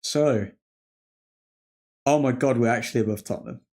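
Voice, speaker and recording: A man hosting a football watchalong stream in a casual, rambling chat with viewers. He jokes constantly, laughs often, and drops in goofy mock French. His voice sits in an ordinary middle pitch. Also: normal speed, darkish tone.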